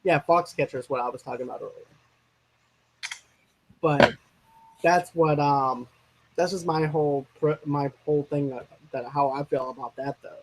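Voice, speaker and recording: A man with a slightly raised pitch chatting casually about films as a co-host. He rambles, stumbles over words and circles back on his points. The delivery is relaxed and conversational. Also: normal speed, long pauses, a little hiss or hum, rough recording. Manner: rambling, restarts and trails off mid-thought. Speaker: co-host of a movie discussion channel. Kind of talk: casual movie chat.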